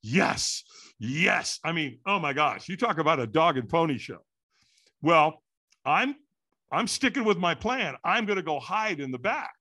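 A man telling a story in an animated way, acting out the quotes and sounds. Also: on the high side, unhurried, slightly rough. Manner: lively, acts out quotes and sounds.

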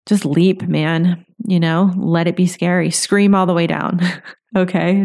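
Woman host, solo podcast, lowish voice with vocal fry, loose and encouraging. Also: fairly even intonation, unhurried, darkish tone. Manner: encouraging, loose, heavy on "you know" and "like".

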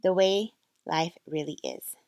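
A woman voicing a calm female mentor who speaks from hard experience, in a measured, earnest reading. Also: on the low side, no room sound, dull audio, natural voice.

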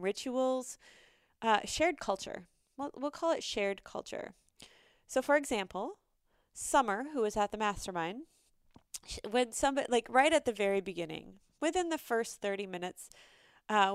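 A woman's voice: on the high side, smooth, no echo, clean studio sound. A woman hosting a podcast, talking casually and animatedly with lots of fillers and restarts. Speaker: podcast host. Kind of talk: casual solo podcast talk.

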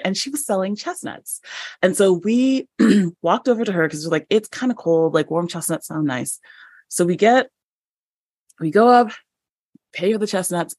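A woman guest on a podcast, telling a story in an animated, chatty way with many fillers and laughs. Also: mid-range voice, no room sound, clean studio sound. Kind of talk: conversational storytelling.

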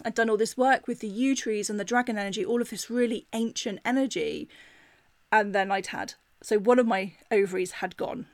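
A middle-aged woman, hosting a personal storytelling podcast in a chatty, animated way, full of "like" fillers. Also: medium pitch, a little fast, no echo. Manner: animated retelling with laughs. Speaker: podcast host.

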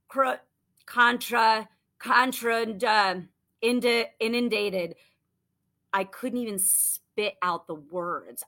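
A woman in her thirties coaching listeners on sales, telling a story in an animated, chatty way full of "like". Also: fairly high pitch. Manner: animated, chatty, lots of "like" and acted-out quotes. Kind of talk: motivational storytelling talk.

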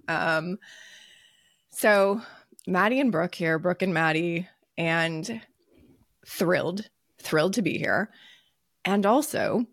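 A woman's voice: lowish voice, no echo, studio quality. An American woman co-hosting a podcast, chatting in a bubbly, talkative way. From United States. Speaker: podcast co-host. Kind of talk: casual chat.

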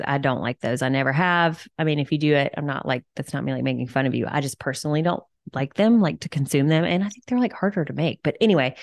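Chatty low-voiced woman podcast host. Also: a little mellow, no room sound, studio quality. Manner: chatty, enthusiastic, many "like" fillers. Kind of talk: casual solo podcast tips.

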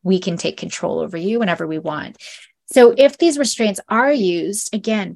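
A woman hosts a solo educational podcast, speaking earnestly and often checking in with a quick "right?". Her voice has a gravelly, fry-touched edge, and her pitch sits in an ordinary middle range. Now and then she drops to a soft whisper. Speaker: podcast host.

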